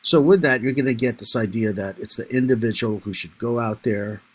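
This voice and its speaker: A man's voice: on the low side, fairly even intonation, fairly quick, slightly rough, poor audio. A man giving a recorded history lecture over slides, talking in a loose conversational way and often checking in with "right?" and "you know".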